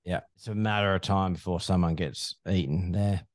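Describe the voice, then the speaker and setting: Deep-voiced laid-back man. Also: steady tone, moderate pace, no room sound, studio quality. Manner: laid-back, swears casually. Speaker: podcast co-host. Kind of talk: casual chat.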